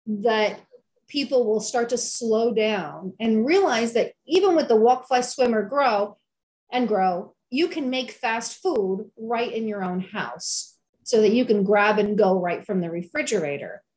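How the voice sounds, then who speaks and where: This middle-aged woman, a health and wellness chef, talks a little slowly in a slightly high, darkish voice with lively intonation. During a conversational interview she is upbeat and preachy, frequently restating things for emphasis.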